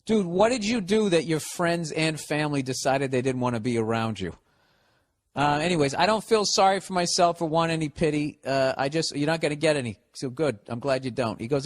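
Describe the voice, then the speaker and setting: A man's voice: on the high side, lively intonation, fairly quick. Profane sarcastic man with a Boston accent. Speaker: podcast host. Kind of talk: casual comedic advice monologue. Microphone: podcast studio mic.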